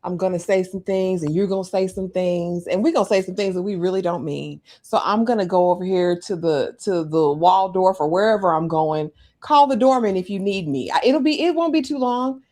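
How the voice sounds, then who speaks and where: A woman's voice: lowish voice, a little fast, few pauses, darkish tone, lightly acted. A woman doing a breezy, offhand young husband. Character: cool, detached young husband.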